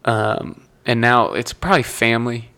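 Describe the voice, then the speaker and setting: This is a young man from Nebraska in a relaxed podcast conversation, spinning long anecdotes. His voice is bright and forward, and he keeps breaking into laughter and correcting himself as he talks. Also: medium pitch, moderate pace. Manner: rambling storyteller, laughs often, self-corrects. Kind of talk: casual chat.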